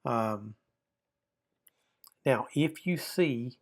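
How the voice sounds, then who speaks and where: A man's voice: mid-range voice, expressive, takes it slowly, pauses often. A man teaching a recorded online grammar lesson, explaining step by step and often repeating or rephrasing himself.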